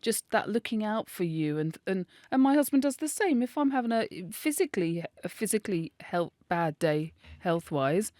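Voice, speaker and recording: A woman's voice: medium pitch, expressive, normal speed, few pauses, darkish tone, no room sound, clean studio sound. A woman co-hosting a podcast in a casual chat, talking in a chatty way, laughing often and swearing freely. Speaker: podcast co-host.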